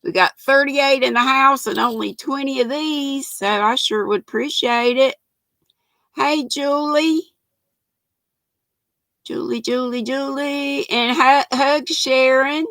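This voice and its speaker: A woman's voice: sits high, takes it slowly, a bit bright, no room sound, low-quality recording. An older woman, hosting a knitting livestream, chatting folksily and greeting viewers by name. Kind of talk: casual live chat reading comments.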